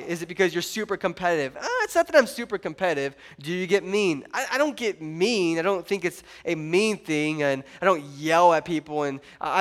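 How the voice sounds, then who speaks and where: A man with a high, bright-sounding voice preaches a sermon to his congregation. He is animated and playful, cracking jokes and pushing his voice loud to drive points home. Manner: animated, joking, rising to loud emphasis. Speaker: pastor.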